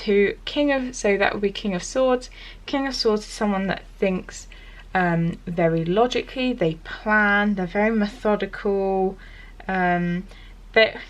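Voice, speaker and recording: A woman giving a casual tarot reading to camera, chatty and gently encouraging, with many fillers and restarts. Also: medium pitch. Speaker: tarot reader.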